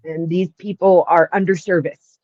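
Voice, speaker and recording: A woman's voice: lowish voice, steady tone, moderate pace, darkish tone, no room sound. Proud, chatty woman on a muffled call. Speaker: guest on the stream. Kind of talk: casual live-stream chat. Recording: muffled, dry remote call audio.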